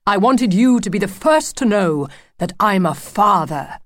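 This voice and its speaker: A woman voicing a proud, excitable male wolf who has just become a father, talking in a grand, formal way. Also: mid-range voice, a little slow, dry recording, studio quality, pitched above the performer's own voice. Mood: excited.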